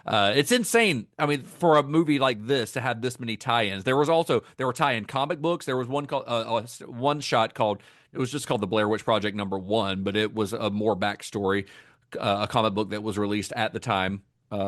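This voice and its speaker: A man's voice: medium pitch, a bit bright, dry recording, clean studio sound. A man co-hosting a podcast, talking about films in a casual, enthusiastic way, with many fillers and restarts. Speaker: podcast co-host. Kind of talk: casual film discussion.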